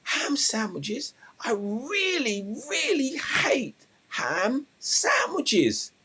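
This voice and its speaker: A man's voice: very high-pitched, huge pitch swings, very slow, sharp tone, slightly rough, voice pushed up, heavily acted. A man voicing a grumbling male workman who whines about his lunch, in a raised, exasperated voice. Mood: whining. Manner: whiny, exasperated complaining. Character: grumbling adult male workman, stuck in routine.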